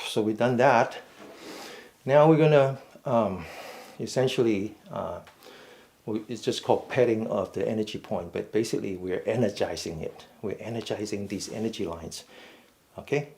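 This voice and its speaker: A man leading a mindful fitness class, giving slow, step-by-step stretching cues and often checking in with "okay?". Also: fairly low pitch, a little mellow. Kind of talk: guided stretching instruction.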